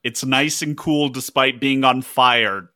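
A man playing a tabletop game with a dry, deadpan delivery. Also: medium pitch, slow pace. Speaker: player.

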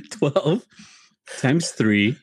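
A man's voice: a little high, sing-song, very slow, breathy edge. A middle-aged man co-hosting a casual chat, teasing his friend and laughing often. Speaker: podcast co-host.

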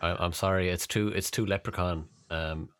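Deep-voiced Irish guy bantering. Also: fairly even intonation, clear, resonant tone, no room sound, clean studio sound. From Ireland. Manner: jokey, laughs often, halting. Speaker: podcast co-host. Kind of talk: casual banter.

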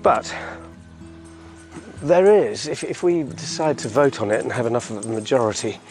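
A man's voice: mid-range voice, lively intonation, normal speed, music in the background. A middle-aged man hosting a community podcast outdoors, walking a hillside road and chatting casually with frequent chuckles.

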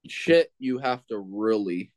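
A man's voice: lowish voice, expressive, slow, dry recording. A man who is a guest on a podcast, chatting in an easygoing way and hedging his opinions. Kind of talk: casual chat.

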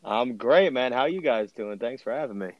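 A man's voice: medium pitch, expressive, normal speed, no room sound, dull audio. A young man appearing as a guest on a sports podcast, rambling and hesitant, full of fillers. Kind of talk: casual sports chat.

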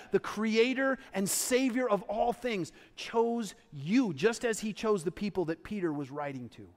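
A man with a notably high speaking voice delivers a sermon, talking to the congregation like a friend while pressing his points home. His words ring out with a long reverb, as if in a large church sanctuary. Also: fairly bright tone. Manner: conversational, emphatic preaching with asides to the congregation. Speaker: pastor.

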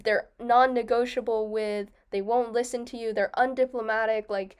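A young woman co-hosting a casual book discussion, chatty and quick to laugh, often restarting and correcting herself. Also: fairly high pitch, fairly even intonation, clear, resonant tone. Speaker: podcast co-host.

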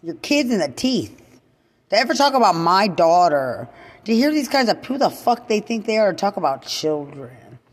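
A woman in an angry unscripted rant, profane and repetitive, swinging from loud outbursts to low muttering. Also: sing-song, moderate pace, long reverb tail. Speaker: mother venting to camera.

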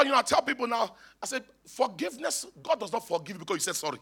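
A man's voice: very high voice, very animated, fast, gravelly, hardly any pauses, pushed and bright, slightly rough. A man, a bishop preaching emphatically in church and calling on the congregation to respond. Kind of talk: sermon. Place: church hall.

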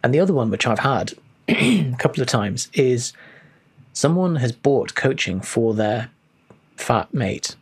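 A man, a fitness coach and podcast co-host, explaining his views thoughtfully in long, halting sentences on a video call. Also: mid-range voice, sing-song, breathy edge. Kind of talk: casual podcast chat.

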